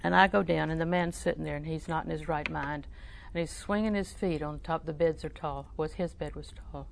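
Low, gravelly-voiced older woman preaching. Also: fairly even intonation, brisk, slight background noise. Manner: conversational, soft-spoken, drops to near whisper. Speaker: Christian teacher. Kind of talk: personal storytelling sermon.

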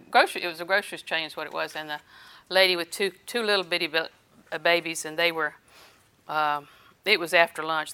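Bright-voiced older woman preaching. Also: lowish voice, smooth. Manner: homespun storytelling, chuckles between stories. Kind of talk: sermon with folksy personal stories.

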